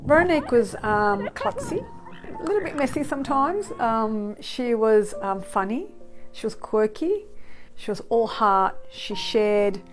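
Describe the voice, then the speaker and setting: A middle-aged woman giving emotional interview testimony, speaking softly and haltingly with many pauses. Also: a little high, expressive, music in the background. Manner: soft-spoken, halting, many fillers. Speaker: grieving mother interviewed.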